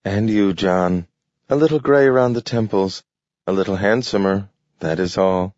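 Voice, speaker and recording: A man's voice: on the low side, a little slow, a little mellow, no echo, close to an everyday voice. A man reading the lines of a fond, teasing woman greeting an old friend in a story, in a dull lo-fi recording. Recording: dull lo-fi audio.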